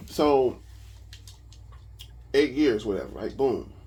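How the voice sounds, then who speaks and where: Man, husky voice, very lively pitch, casual profane storytelling for a vlog. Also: takes it slowly. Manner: animated, profane, conversational. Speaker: vlogger.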